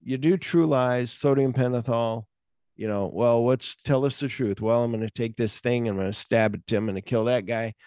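A man's voice: medium pitch, normal speed, smooth, no echo, studio quality. A man co-hosting a podcast, chatting casually about a film, acting out scenes, swearing freely and humming the music cues. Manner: animated retelling, acts out scenes and hums music cues. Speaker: podcast co-host.

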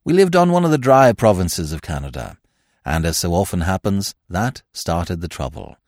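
A man voicing a suave, verbose young gentleman in a storybook reading, speaking in ornate, grave, mock-sincere sentences. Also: low-pitched, very animated, normal speed, no room sound, studio quality, full character voice. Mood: mock-solemn.

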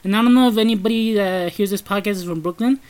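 A woman with a New York accent co-hosting a casual podcast, telling stories with lively emphasis and talking straight to listeners. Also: medium pitch, quick pace, rough recording. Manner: animated storytelling, addresses listeners as guys. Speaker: podcast co-host.

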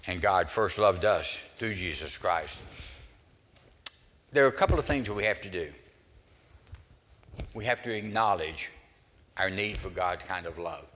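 Older Southern male pastor, low-pitched, animated sermon storyteller, reverberant hall. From American South. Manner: storytelling, animated delivery with acted-out voices.

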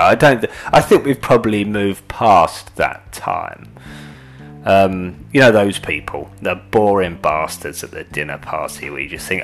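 A man's voice: low voice, lively intonation, unhurried, soft background music. A man ranting in a casual monologue, sweary and exasperated, rambling with restarts.

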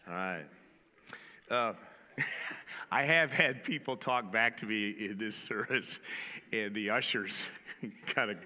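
Male pastor, bright forceful voice, easygoing humorous storyteller, long church-hall reverb. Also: medium pitch. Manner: humorous storytelling, acts out dialogue. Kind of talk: conversational sermon.

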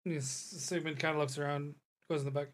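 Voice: mid-range voice, flat delivery, a little fast. A game master describing scenes for a tabletop roleplaying game in a loose, rambling way. They often stop to search for words and laugh along with the players.

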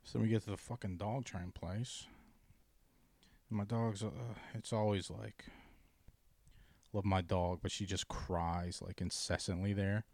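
A man in casual chat, ranting profanely about his bad day, dropping to mumbles and then yelling. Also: sits low, steady tone, a little slow, pauses often, no room sound.

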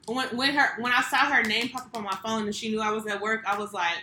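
Brief: brisk, bright-voiced woman co-host, lively colloquial stories, faint hiss. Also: on the high side. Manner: animated, colloquial storytelling. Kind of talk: casual chat. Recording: echoey room with faint noise.

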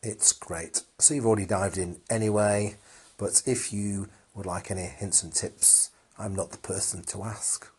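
Man, low husky voice, casual call-in chat, encouraging and playful. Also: a little mellow.

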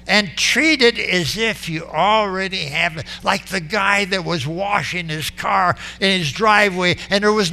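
Male pastor, fairly high, bright and forceful voice, emphatic sermon delivery with sudden loud bursts. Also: measured pace, creaky, hardly any pauses.

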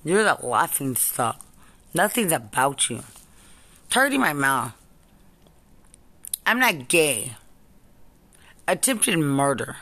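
A woman's voice: deep voice, big pitch swings, slow pace, pauses often, sharp tone. A woman and military veteran delivering an angry, profane and repetitive ranting monologue.

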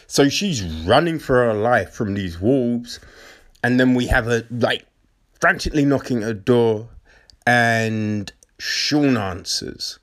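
A man reviewing a film in a casual, animated way, often checking in with "right?" and repeating phrases for emphasis. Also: medium pitch, slow pace. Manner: animated retelling with frequent "right?" and "like".

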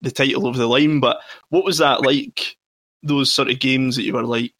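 A man's voice: mid-range voice, steady tone, moderate pace, a bit bright. A man, hosting a fan podcast and asking long, enthusiastic questions. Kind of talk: casual interview questions.

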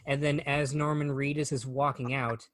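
A man in casual chat, spinning long stories with a joking, animated delivery. His voice sits in the middle register. The sound is close and dry, with no room around it. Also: medium pitch, moderate pace, no room sound, poor audio. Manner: animated storyteller, recounting game scenes at length. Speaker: podcast co-host.

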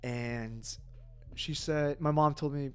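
A man, a podcast guest, telling a personal story in casual talk, animated, with lots of fillers and swearing. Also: on the high side, slow pace, slight background noise.

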